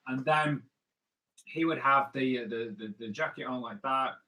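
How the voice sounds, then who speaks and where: A man's voice: mid-range voice, moderate pace, pushed and bright, rough recording. A man hosting a live drawing stream, chatting playfully with viewers and thinking aloud as he draws. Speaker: comic artist host.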